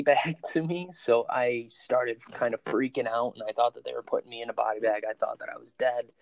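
A young man in his twenties telling the story of his accident in an interview, halting and full of fillers and restarts. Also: mid-range voice, vocal fry, no room sound. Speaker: interview guest.

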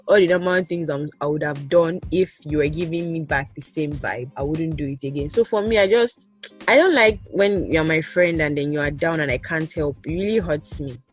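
Woman, low voice, playful casual chat, faint music behind. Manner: chatty, laughs often, playful. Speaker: podcast co-host. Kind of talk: casual chat among friends.

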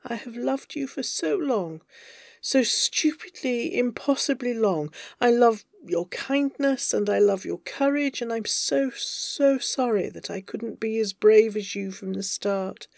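A reader voicing a soft, nervous man, hesitant and tender, in a fan fiction audio reading. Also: mid-range voice, animated, measured pace, vocal fry, no echo. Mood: tender confession.

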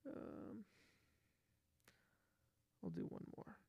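A man's voice: drawn-out words, dull audio. A young man chatting casually and offhandedly, rambling a bit and repeating words. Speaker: podcast guest. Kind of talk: casual chat.

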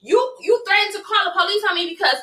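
A woman chatting casually and telling a story in a profane, animated way, with loud outbursts. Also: extremely high pitch, quick pace, roomy sound, recorded from a distance. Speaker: podcast co-host.

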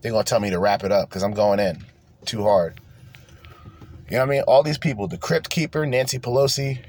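A man's voice: on the low side, a little fast, darkish tone, a little hiss or hum. A young man from New Jersey, hosting a podcast, delivers a rambling, profane and heated political rant in a casual tone. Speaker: podcast host.

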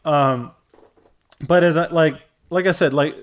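A man's voice: on the high side, measured pace. Rambling man telling a wild story. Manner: rambling, lots of "like", acts out quoted voices. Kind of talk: casual storytelling chat.

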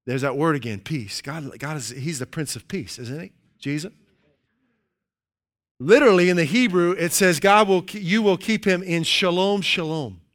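A man preaching a sermon, emphatic and playful, repeating key phrases and reading scripture slowly. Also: fairly high pitch, a bit bright. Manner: playful asides, chuckles at his own jokes.

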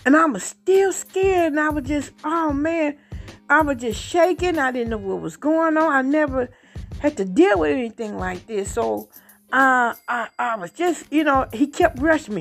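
Woman host, gravelly higher voice, halting personal testimony, faint music under it. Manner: halting, repeats words, rising pitch when excited. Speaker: podcast host.

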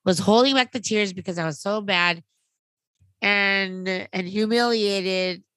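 A woman in her thirties, podcast co-host, chatting casually and telling an animated story, acting out what others said. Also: mid-range voice, a little slow, dry recording. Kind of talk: casual chat.

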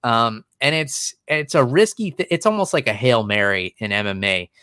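A man breaks down a fight in a casual, rambling way, doubling back on his words with lots of fillers. His voice sits in an ordinary middle pitch. It sounds close and dry, with no room around it. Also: lively intonation, pushed and bright, smooth, no echo. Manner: fast, rambling, many restarts and fillers. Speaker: MMA analyst guest. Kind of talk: casual podcast chat.

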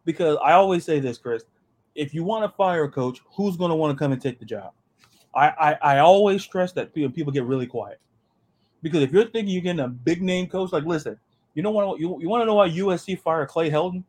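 A man hosting a sports podcast, talking in an animated, joking way and often repeating his words. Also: fairly high pitch, a little fast. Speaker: podcast host. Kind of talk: casual sports chat.

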